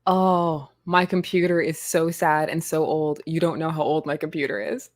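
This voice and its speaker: A woman's voice: low-pitched, steady tone, normal speed, no room sound, clean studio sound. A woman hosting a casual comics livestream, chatty and self-deprecating, laughing often. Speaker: comics show host.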